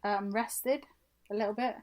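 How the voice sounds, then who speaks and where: A woman's voice: mid-range voice, fairly even intonation, unhurried, darkish tone. A woman co-hosting a podcast in casual chat with playful, indignant retorts. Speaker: podcast co-host.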